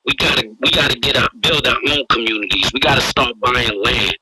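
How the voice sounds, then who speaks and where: A man with a New York accent, speaking forcefully in a heated call-in room, checking in often with "you dig what I'm saying.". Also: mid-range voice, fairly quick, a crowd in the background, low-quality recording. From Brooklyn, New York. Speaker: guest speaker. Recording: heavy noise over the line.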